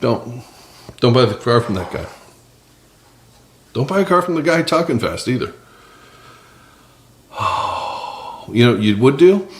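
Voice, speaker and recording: A man's voice: medium pitch, sing-song, a little slow, long pauses, echoey room. A man hosting a casual cooking vlog from his small home kitchen, chatting and joking with viewers. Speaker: cooking channel host. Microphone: several cameras on the counter.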